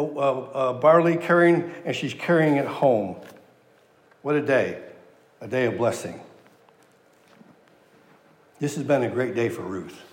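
Man preaching in an echoing hall. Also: fairly high pitch. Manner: animated, acts out quoted lines with inflection. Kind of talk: sermon.

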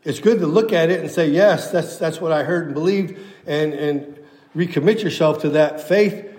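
A man's voice: a little high, moderate pace, a little mellow, echoey room, long reverb tail. A pastor preaching a sermon to his church, emphatic and repeating key phrases for weight.

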